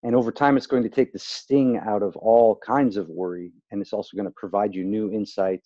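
A man who works as a speaking coach, explaining an exercise calmly in a casual podcast chat. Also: fairly low pitch, brisk, no echo, muffled recording. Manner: explains calmly, acts out worried and excited self-talk in demonstrations.

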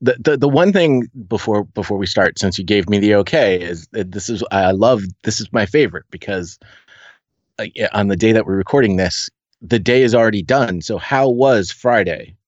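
An American man with a fairly low voice answers as a podcast guest. He talks in an animated, quick way with plenty of fillers and restarts. His audio is a little dull and dry, with no room sound. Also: dry recording. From United States. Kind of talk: casual conversational interview.

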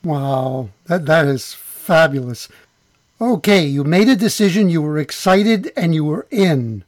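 A man's voice: fairly high pitch, animated, unhurried, dry recording. Enthusiastic male interview host, dry sound. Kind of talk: interview questions.

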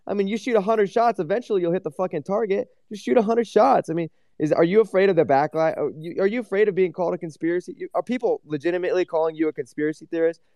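Casting: quick, mocking male speaker, dry sound, foul-mouthed. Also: high voice, dark tone, no room sound. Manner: taunting, mocking, heavy swearing. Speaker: regular speaker in a live audio room. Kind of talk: profane taunting banter.

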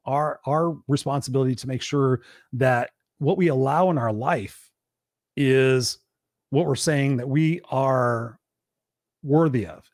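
A man's voice: medium pitch, slow pace, dry recording, clean studio sound. Tired, upbeat man hosting a live talk. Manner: energetic, greets viewers by name, coaching tone. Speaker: podcast host. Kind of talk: live-streamed motivational talk. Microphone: desk mic with monitors.

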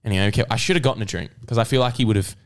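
A teenage man co-hosting a casual chat, telling animated stories and jumping into high-pitched impressions of others. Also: racing. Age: teens. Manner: animated storytelling, mimics others with sudden high-pitched outbursts. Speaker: podcast co-host.

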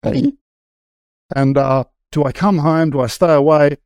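A man's voice: a little high, measured pace, darkish tone, clean tone, no room sound. A middle-aged man, an interview guest telling his story frankly and casually, with many hesitations and restarts. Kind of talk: candid conversational storytelling.

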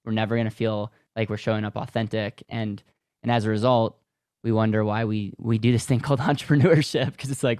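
American male podcast host, upbeat and motivational, smooth resonant voice, dry sound. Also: lowish voice, steady tone, brisk, darkish tone, no room sound. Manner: enthusiastic, motivational, restarts often. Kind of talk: podcast interview.

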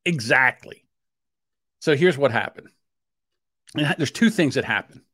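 Here a podcast co-host speaks at medium pitch, slightly rough and unhurried, in a studio-quality recording without echo. His casual chat drifts into storytelling rants, and he animatedly plays the characters of his rambling tales with different voices.

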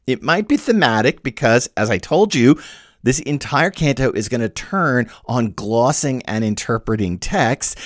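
A man's voice: medium pitch, dry recording, studio quality. A man hosting a podcast, lecturing on poetry in a thinking-aloud way full of rhetorical questions. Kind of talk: lecture-style podcast talk.

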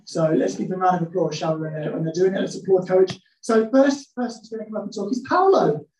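Lady preacher joking through a sermon, mellow voice, roomy church sound from a bit off mic. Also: on the low side, fast talker. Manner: humorous, acts out scenes in voices. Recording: echoey church hall, mic from a distance.

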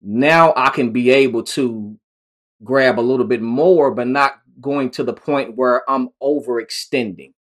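A man's voice: medium pitch, a little slow, fairly bright tone. Easygoing man telling lawn-care stories. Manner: easygoing, storytelling with restarts. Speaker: lawn care business owner, guest. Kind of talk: casual chat.

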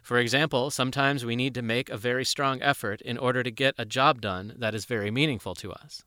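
A man calmly narrating a self-help book in a measured, explanatory reading. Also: medium pitch, no echo, clean studio sound. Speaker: audiobook narrator.

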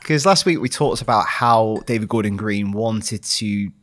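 A man's voice: fairly low pitch, measured pace. A man co-hosting a casual film podcast, explaining details in a dry way with wry asides. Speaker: podcast co-host.

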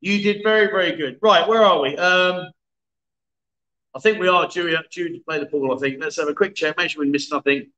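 Male livestream host, middle-aged, high bright voice, jokey and chatty. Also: a little fast, dull audio. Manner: chatty, joking, reads viewer comments aloud. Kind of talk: casual livestream chat.

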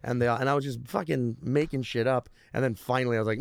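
Comedian guy rambling and swearing, restarts a lot, mid pitch, dry close mic. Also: steady tone, brisk, gravelly, no room sound. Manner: rambling, profane, many restarts. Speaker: stand-up comedian guest. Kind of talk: casual podcast chat.

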